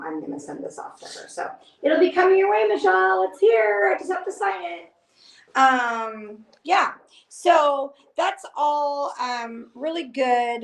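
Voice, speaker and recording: A woman's voice: medium pitch, recorded from a distance. Chatty woman in an echoey room. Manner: rambling, chatty, many fillers and asides. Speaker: nail artist livestream host. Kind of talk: casual livestream chat. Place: home studio with dogs around.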